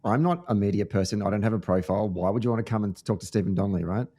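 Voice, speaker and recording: Earnest Australian man, lowish voice. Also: racing, dark tone. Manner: earnest storytelling, with frequent fillers and restarts. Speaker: podcast host. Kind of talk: casual podcast conversation.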